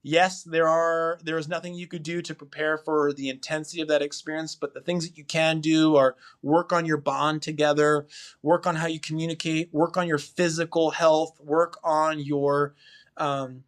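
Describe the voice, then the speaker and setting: Animated, rambling man telling a story. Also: a little high, normal speed. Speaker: podcast guest, husband. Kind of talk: casual storytelling chat.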